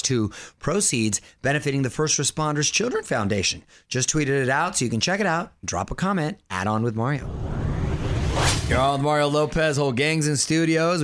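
A man hosting a radio show in a studio, quick and upbeat with casual banter. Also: mid-range voice, fairly bright tone. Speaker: radio host.

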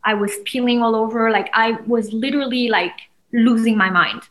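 In a low-quality recording, a French woman in her thirties speaks at normal speed with a slightly high voice. As an interview guest, she tells a personal story with feeling, animatedly acting out what others said with sudden loud peaks.

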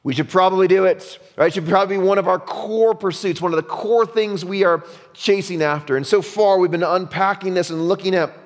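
A man preaches a sermon in an easy, conversational way, often checking in with his listeners and dropping his voice low and soft to stress a point. His voice sits a little higher than most men's, and it carries a long reverb from the church hall. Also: brisk. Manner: conversational preaching with frequent "right?" asides, drops low and soft for emphasis. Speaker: pastor.

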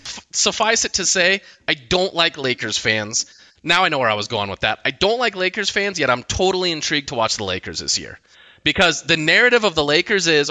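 A man on a sports panel, opinionated and animated as he tells stories and argues. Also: on the high side. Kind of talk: sports debate talk.

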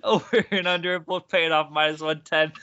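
A man's voice: a little high, fairly even intonation, normal speed, bright, forceful tone. A man hosting a casual sports betting podcast, laughing often and swearing freely. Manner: laughing, profane, upbeat. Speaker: podcast host. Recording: dull lo-fi sound.

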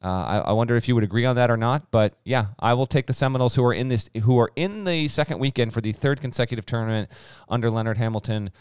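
A man's voice: mid-range voice, quick pace, a little mellow, clear, resonant tone, no room sound, clean studio sound. A young adult man co-hosting a podcast, chatting casually about college basketball picks and reeling off stats. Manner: chatty, stat-heavy, restarts sentences. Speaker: podcast co-host. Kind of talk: casual sports betting chat.

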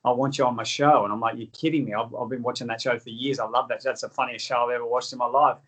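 A man's voice: medium pitch, steady tone, fast talker, fairly bright tone, low-quality recording. Earnest Australian man telling stories. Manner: earnest, rambling, repeats words when starting sentences. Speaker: guest author. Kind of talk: conversational interview storytelling.

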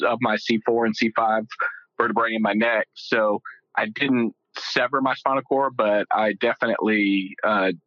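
Man telling a story, bright voice. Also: fairly low pitch, fairly even intonation, moderate pace, no room sound, dull audio. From Texas. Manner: joking, rambling with many fillers. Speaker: guest. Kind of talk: casual storytelling interview.

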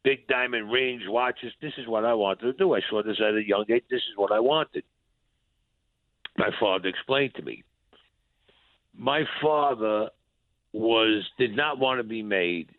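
A man's voice: unhurried, pauses often, dry recording. A New man recounts an old story, animating every line of remembered dialogue. His voice comes through a tinny phone line, close and dry with no room sound. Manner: animated storyteller who acts out dialogue with rising pitch. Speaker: interview guest.

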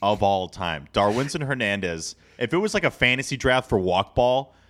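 A man co-hosting a sports podcast in casual chat, his voice bright and edged, with a lively, swinging pitch. He sounds animated and jokey, now and then dropping into mock outrage. The sound is close and dry. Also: normal speed. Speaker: podcast co-host.

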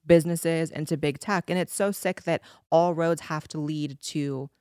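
A woman's voice: low voice, fairly even intonation, moderate pace, darkish tone, clean tone, no echo, studio quality. A woman guesting on a talk podcast, blunt, opinionated and self-mocking. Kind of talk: casual studio talk show.

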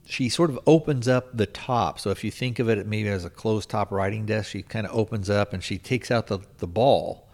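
A man's voice: fairly low pitch, moderate pace, hardly any pauses. A man hosting a podcast, casually recapping a film's plot in a rambling, hedging way with lots of filler words. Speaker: podcast host reviewing a film.

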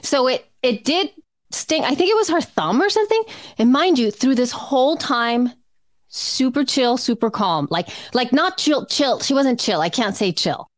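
A woman's voice: a little high, sing-song, moderate pace, no echo, studio quality. A woman in her thirties, co-hosting a casual chat, telling a story with many fillers and restarts. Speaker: podcast co-host.

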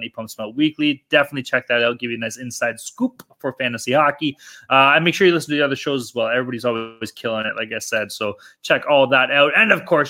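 A young man hosts a sports betting podcast in a fairly high, bright, forceful voice. The casual chat is loose, full of swearing, jokes and banter.

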